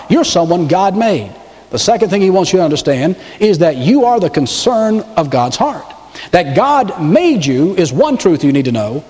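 Animated preacher man in a reverberant hall. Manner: animated preaching with big pitch swings and dramatic pauses. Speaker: pastor. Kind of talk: sermon.

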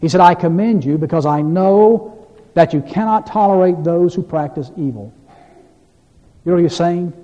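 A man's voice: a little high, moderate pace, warm tone. A man, a pastor, preaching a sermon in a church and reading scripture aloud with earnest emphasis. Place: church sanctuary. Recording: dull, echoey church hall recording.

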